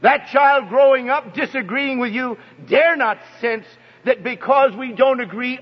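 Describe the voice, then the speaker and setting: A man's voice: extremely high pitch, a little slow, hardly any pauses. A man telling a personal story in an emphatic sermon style and speaking straight to the parents in his audience. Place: hall with an audience. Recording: echoey hall, dull lo-fi sound.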